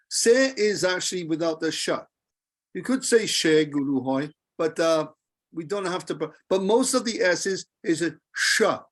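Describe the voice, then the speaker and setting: A man's voice: a little high, animated. Patient man teaching a small group. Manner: patient, jokey, repeats verses slowly. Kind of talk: casual group lesson.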